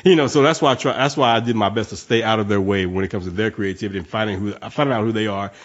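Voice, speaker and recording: A man's voice: fairly low pitch, rapid-fire. A man talking emphatically and swearing casually as a guest on a podcast, speaking as a parent. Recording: dull lo-fi audio.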